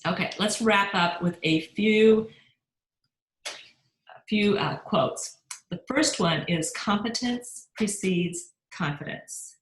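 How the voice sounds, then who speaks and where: A woman's voice: mid-range voice, takes it slowly, pauses often. A middle-aged woman giving an upbeat motivational sales training talk and often asking her listeners questions. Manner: upbeat, asks the audience questions. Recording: roomy echo.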